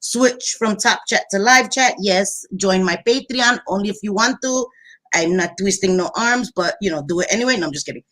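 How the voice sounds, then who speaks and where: A loud, chatty woman hosting a casual livestream. She greets viewers one by one with affectionate pet names, in a voice of ordinary, mid-range pitch. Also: fairly quick. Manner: loud, animated voice. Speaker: livestream host.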